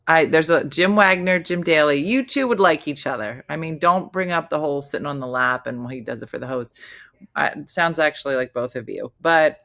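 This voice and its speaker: A woman's voice: low voice, a bit bright. A woman in her fifties hosting a casual live chat, reading viewer comments in a chatty, teasing, playfully incredulous way. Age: 50s. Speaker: host.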